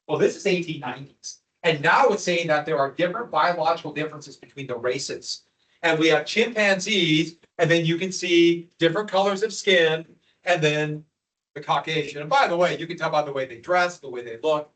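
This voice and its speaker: A man's voice: on the high side, normal speed, fairly bright tone, poor audio. A male history teacher giving a classroom lecture, joking with his students and teasing them with questions.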